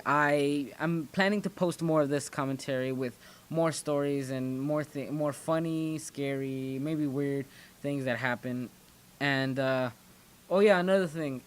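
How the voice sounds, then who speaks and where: A young man in his teens telling stories casually to his viewers, rambling and often restarting his sentences. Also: mid-range voice. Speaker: channel host. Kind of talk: casual storytelling commentary.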